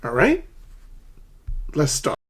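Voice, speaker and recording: A man's voice: fairly high pitch, huge pitch swings, takes it slowly, husky. A man teaching a spoken English lesson, acting out both sides of phone calls. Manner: acts out both sides of phone calls, in a raised, brighter voice for the quoted lines.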